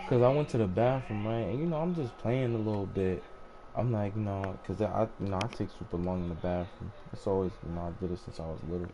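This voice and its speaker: A man's voice: on the low side, quick pace, dark tone, slight background noise. A young man hosting a gaming video, talking in casual slang with heavy swearing and heated ranting. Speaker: gaming channel host. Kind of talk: casual gameplay commentary.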